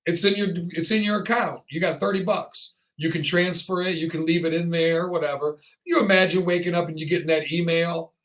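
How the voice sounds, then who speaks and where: A man hosting a casual podcast chat, rambling and animated, often acting out the voices of people he quotes. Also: on the high side, fairly quick, hardly any pauses, rough recording. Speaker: podcast host.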